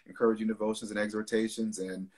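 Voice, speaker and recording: A man's voice: fairly low pitch, flat delivery, fast, a little mellow. A man guest on a video-call interview, an author and pastor who slips into preacherly rhetorical questions. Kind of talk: casual interview, preaching at times.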